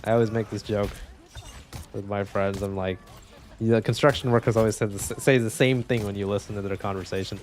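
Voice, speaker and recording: A man's voice: on the low side, steady tone, a little fast, darkish tone. A young man talking casually while playing a video game, joking, rambling and swearing freely. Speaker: gaming streamer. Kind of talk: casual gameplay commentary.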